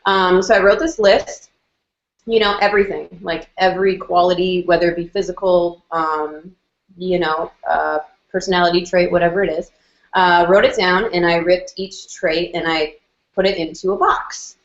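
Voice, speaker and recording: A woman with a lowish, steady voice tells a personal story at a moderate pace over a video call. She's chatty, peppering her talk with "like" and "um" and acting out what people said. The audio is roomy and muffled, typical of a video call.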